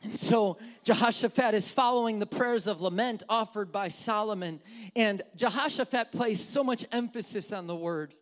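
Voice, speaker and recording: A man preaching a sermon as pastor, emphatic, repeating phrases and stumbling over words as he drives points home. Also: high voice.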